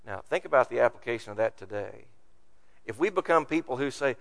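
A man's voice: medium pitch, lively intonation, a little fast, creaky, fairly bright tone. A man preaching a sermon, reading scripture aloud and acting out the complaints of the people. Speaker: pastor.

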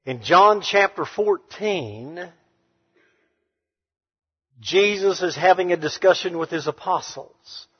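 Slow emphatic preacher in a reverberant hall. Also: male voice, sits high, expressive, husky. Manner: emphatic, swings from hushed to loud. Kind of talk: sermon. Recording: reverberant hall, dull sound.

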